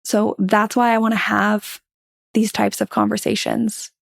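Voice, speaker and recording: Earnest woman host, gravelly edge. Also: medium pitch, little pitch movement, unhurried, no room sound, clean studio sound. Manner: earnest, reflective, upbeat. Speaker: podcast host. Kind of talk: casual podcast chat and outro.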